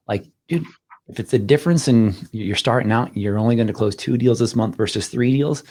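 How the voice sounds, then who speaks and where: Casting note: low-voiced male podcast co-host, blunt and emphatic, swears freely. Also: warm tone. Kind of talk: casual podcast talk.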